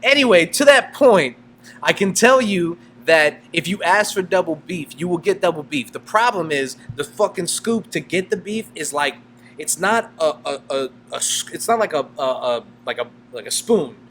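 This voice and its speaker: A man's voice: a little high, normal speed, slight background noise. A man co-hosting a casual podcast, telling stories with lots of laughter and acted-out voices. He grew up in South America. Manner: animated storyteller, laughs often, acts out customers. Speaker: podcast co-host. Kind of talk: casual chat, storytelling.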